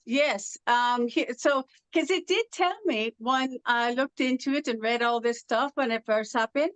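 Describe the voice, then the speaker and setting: A woman's voice: fairly high pitch, unhurried, fairly bright tone, no echo. A woman from California who speaks with a British-sounding accent, chatting casually as an interview guest and telling stories carefully. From Los Angeles, California. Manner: speaks with a foreign-sounding accent from a speech condition, often described as British. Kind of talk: casual conversation.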